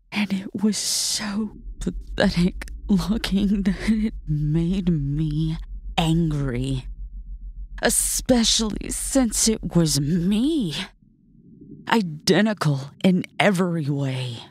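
A woman narrating a horror story in a hushed, often whispered way. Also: medium pitch.

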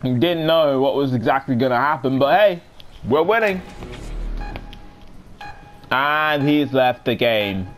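A man's voice: mid-range voice, animated, slow, pauses often, faint music behind. A young man giving casual, jokey live commentary while playing a shooter game. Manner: chatty, jokey, self-narrating. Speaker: gaming commentator.

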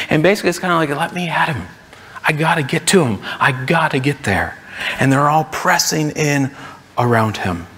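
A man's voice: medium pitch, gravelly, a bit bright, in a large hall. A man preaching a sermon as pastor, in a conversational way, acting out what the crowds might say. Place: church sanctuary.

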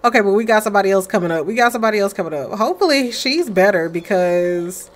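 A woman's voice: mid-range voice, expressive, fast talker. A woman casually commenting on her life-sim game, chatty and playful, talking to her characters. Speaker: let's play streamer.

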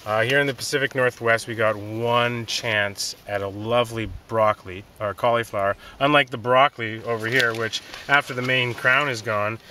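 A man giving a relaxed, folksy gardening demonstration outdoors in his vegetable garden, with many fillers. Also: medium pitch, moderate pace, few pauses. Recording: distant outdoor mic, faint noise.

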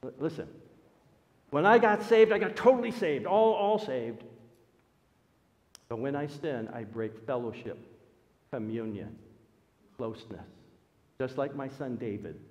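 A man, a pastor, preaching a sermon with animated storytelling, his voice rising for emphasis. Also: mid-range voice, a little slow, long pauses. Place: church. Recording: dull sound with long hall reverb.

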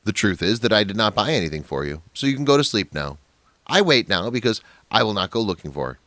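A man's voice: on the low side, very animated, quick pace, pushed and bright, no echo. A man reading a harsh, scornful daughter. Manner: scolding, dismissive. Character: cruel controlling adult daughter.

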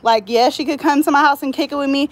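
Her voice is high and quick, with fairly even intonation, as she talks casually to camera at home. Out of breath, the California Bay Area woman shows off fresh braids, teasing and chatting in heavy slang.

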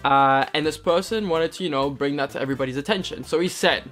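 A man's voice: a little high, quick pace, fairly bright tone. A young man with a mixed British-American accent, casually reading out comments in a vlog and answering them with wry, self-deprecating sarcasm. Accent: mix of British and American. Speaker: equestrian vlogger.

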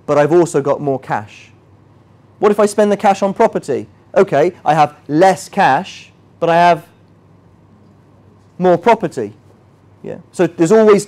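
In a workshop room before a live audience, a higher-voiced, mellow man leads a chatty, interactive finance session. He quizzes the attendees and tosses in self-mocking asides.

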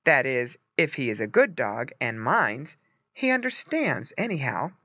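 Lively storybook narrator, clear and bright. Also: medium pitch, measured pace, dry recording. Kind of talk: scripted storybook narration for English learners.

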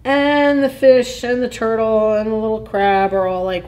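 A woman librarian reading a picture book aloud at children's story time, gently asking listeners questions. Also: a little high, flat delivery. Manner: slow, deliberate reading.

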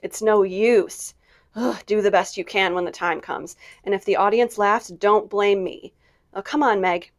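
A woman voicing a bold, impulsive teenage girl who talks in a quick, dramatic way. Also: mid-range voice, fairly even intonation, close to an everyday voice. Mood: exasperated.

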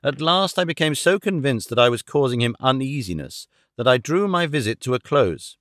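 A man narrates a classic audiobook in a measured, formal way, steady and even. His voice sits in the middle range. The recording is dry and close, with no room sound. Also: mid-range voice, no echo.

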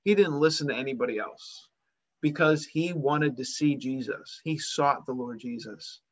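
A man's voice: mid-range voice, moderate pace, dull audio. A man preaching a sermon, retelling a Bible story and acting out its voices with rising emphasis.

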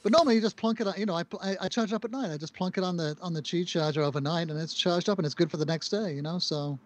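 A man's voice: high-pitched, racing. A man co-hosting a casual tech chat, upbeat and teasing, with lots of fillers. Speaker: podcast co-host.

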